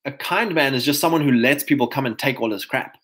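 A man's voice: medium pitch, fast talker, a bit bright. A man in his thirties hosting a casual livestream, talking emphatically and reading chat comments aloud. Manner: emphatic, mocking voices of others, reads chat comments aloud.

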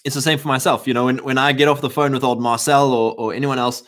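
A man's voice: mid-range voice, level tone, quick pace, fairly bright tone. A South African man hosting a livestream in a fervent, rambling, preachy monologue, with many restarts and a lingering cough. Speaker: livestream host.

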